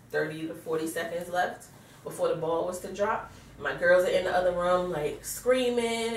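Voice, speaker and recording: A pregnant woman in her thirties, tired, telling a lively home story on her vlog and acting out what everyone said, with laughs. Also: mid-range voice, far from the mic. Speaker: vlogger. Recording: roomy sound from away from the mic.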